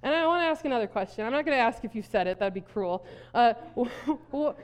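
A woman's voice: on the high side, expressive, a little fast. A woman pastor from South Dakota preaching a sermon, telling a story animatedly with frequent laughter. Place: church hall. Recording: long reverb of a hall.

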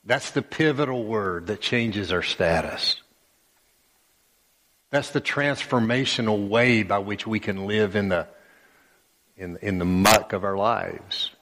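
Male pastor delivering a sermon, unhurried and emphatic, in a church hall with long reverb. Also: fairly low pitch, a bit bright. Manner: slow and emphatic, with many pauses and repeated phrases.

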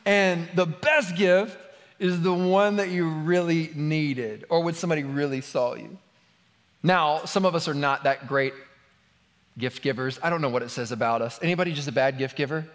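A man's voice: on the high side, normal speed. A married man preaching a sermon, talking casually and joking with the congregation before praying and reading scripture. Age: adult, married. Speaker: pastor. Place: large hall with an audience. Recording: long hall reverb.

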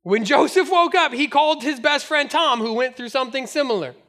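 A man preaching a sermon as pastor, telling stories in an animated way and laughing often. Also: very high-pitched, brisk.

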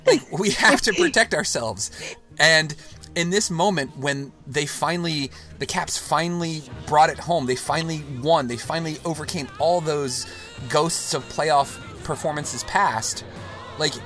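Bright-voiced excitable male podcast host. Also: a little high, a little slow, faint music behind. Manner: long-winded, emotional, swings from excited to hushed. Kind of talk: casual podcast chat.

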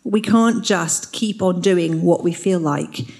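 A woman's voice: fairly low pitch, slow pace, vocal fry, darkish tone. A woman teaching the Bible in an earnest, explanatory way. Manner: earnest, explanatory, reads scripture aloud.

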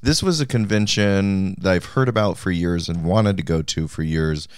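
A man co-hosting a podcast in casual chat, tired and slow to laugh. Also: sits low, clean tone, no echo, clean studio sound. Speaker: podcast co-host.

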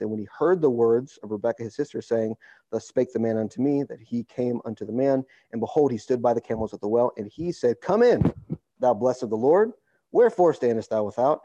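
A man preaching a casual sermon, reading scripture aloud and acting out the people in it in relaxed, everyday slang. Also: mid-range voice, no echo, lo-fi sound. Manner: relaxed and conversational, acts out quotes in slang.

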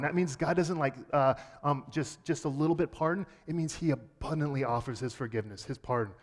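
A man giving a sermon as a pastor, earnest, dropping quiet and then rising emphatic. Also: on the high side, fairly quick, hardly any pauses, big-room sound.

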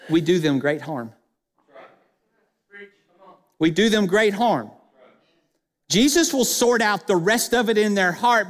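High-voiced male pastor in a reverberant church. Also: fairly bright tone. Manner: emphatic, addresses the church directly with questions. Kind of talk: sermon. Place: church sanctuary.

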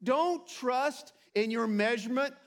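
A pastor preaching a sermon to his church with earnest, animated delivery and playful asides. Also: very high-pitched, unhurried. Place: church sanctuary.

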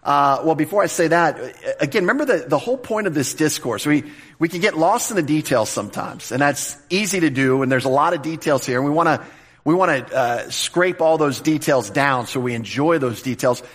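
A man preaching a conversational sermon in a slightly higher voice than most men. He often restarts his words and slows down to stress key phrases. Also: expressive, fairly bright tone, slightly rough. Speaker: pastor. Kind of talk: expository sermon.

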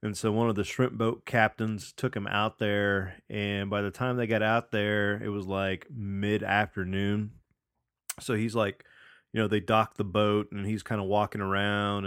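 A man guesting on a casual podcast, telling a story in a loose, profane, animated way. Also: lowish voice, normal speed, clear, resonant tone, dry recording, clean studio sound.

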